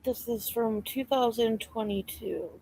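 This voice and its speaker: Woman caller-in, gravelly, unhurried, slightly higher pitch, halting phrasing. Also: warm tone. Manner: hesitant, many fillers. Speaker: stream guest. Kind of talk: casual chat.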